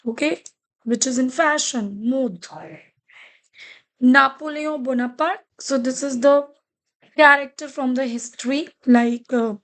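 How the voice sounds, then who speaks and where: A woman with an Indian English accent, teaching a beginners' French lesson to children, repeating each word slowly and coaxing the class along. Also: high-pitched. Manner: slow, repeats words and coaxes students.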